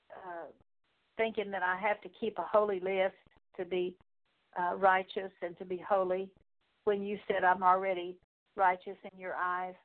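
A woman prays aloud in a long confession, her voice held in a narrow, even band of pitch. She pleads in halting, repeated phrases broken by pauses. The sound is thin and phone-like. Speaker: prayer leader. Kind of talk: spoken prayer of confession.

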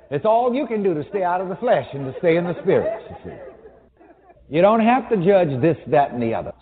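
Tinny, echoing male preacher in a hall. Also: on the high side. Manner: emphatic, wry, teasing. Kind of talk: sermon. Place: large hall with an audience. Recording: tinny phone-like sound with long hall reverb.

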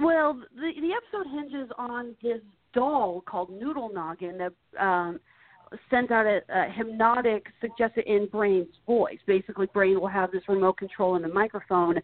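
A woman guesting on a podcast in casual chat, retelling a story in an animated way. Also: mid-range voice, no room sound. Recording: dry, tinny phone-like line.

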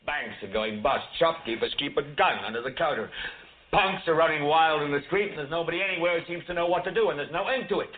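An enraged aging TV newsman, played by a male actor, delivers a film monologue. The voice sits slightly high and swings from low and brooding to shouted fury. It is heard through thin, phone-like audio. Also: quick pace, lightly acted. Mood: impassioned. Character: furious older male TV newsman ranting.

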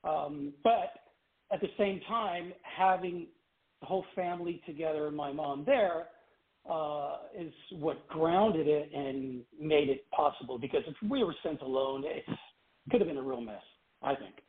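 Animated high-voiced man from Canada on a phone line. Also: measured pace. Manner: animated, laughing storyteller. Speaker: guest, former child pop singer. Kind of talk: casual interview storytelling.

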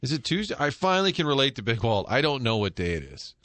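A man's voice: mid-range voice, dry recording. Storytelling middle-aged male radio host, dry sound. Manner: storytelling, animated, quick jokes. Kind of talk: casual sports talk banter. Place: radio studio. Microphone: studio microphone.

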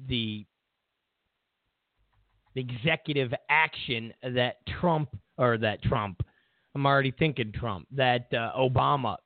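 A man's voice: medium pitch, creaky, no echo. A man hosting a political talk show, ranting bluntly and with profanity, mocking his opponents. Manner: blunt, profane, mocks opponents in whiny voices. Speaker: political commentary host. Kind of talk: ranting opinion monologue. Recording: tinny phone-like audio.

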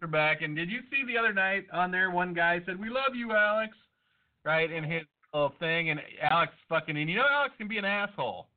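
A man's voice: a little high, animated, fast talker, hardly any pauses. Profane joking man on a tinny line. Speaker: podcast host. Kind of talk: crude casual banter. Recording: tinny phone-like audio.

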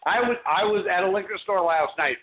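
A male talk radio co-host shares a story in a laid-back, conversational tone. His voice sits a bit high for a man, and it comes through a narrow, phone-like line. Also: brisk, crowd noise. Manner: relaxed, conversational anecdote-telling. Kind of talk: casual chat on talk radio.

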